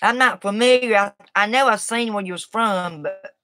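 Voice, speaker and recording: A woman's voice: medium pitch, normal speed, sharp tone. Chatty Southern woman live-streaming. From Southern United States. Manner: rambling, folksy, reacts to chat. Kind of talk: casual live-stream chat.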